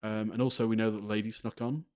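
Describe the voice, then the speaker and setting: A man's voice: lowish voice, flat delivery, fast talker, smooth. A man streaming a video game, commenting casually, rambling and laughing often over game music. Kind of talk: casual let's play commentary.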